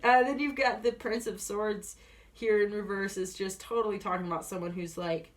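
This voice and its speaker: A woman's voice: medium pitch, steady tone, normal speed. Giggly woman chatting through a tarot reading. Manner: giggly, chatty, lots of fillers. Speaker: tarot reader. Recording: voice a bit far from mic, faint noise.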